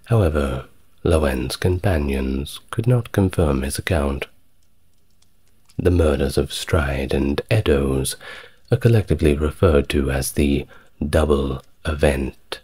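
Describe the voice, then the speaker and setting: Man, very deep voice, husky, soft-spoken ASMR history narration, calm and measured. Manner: calm and measured, with wry conversational asides.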